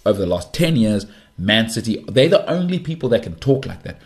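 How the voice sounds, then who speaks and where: A man's voice: lowish voice, sing-song, fairly quick. A man with a South African accent hosting his own show, giving an emphatic, slangy football opinion monologue. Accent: South African English. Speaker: show host. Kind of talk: opinionated sports commentary monologue.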